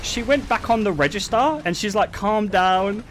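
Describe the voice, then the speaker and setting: A young man telling stories to his stream chat in a casual, animated way, swearing and laughing often. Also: high voice, brisk, background noise.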